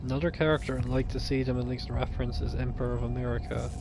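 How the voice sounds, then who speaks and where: A man talks through his own ideas in a loose, rambling way, starting sentences over as he thinks. His delivery stays flat and even. A clear steady hum with vehicle noise sits behind him. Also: mid-range voice, fast talker. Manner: rambling, thinking aloud with restarts. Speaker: video game fan vlogger. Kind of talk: casual chat, pitching game ideas.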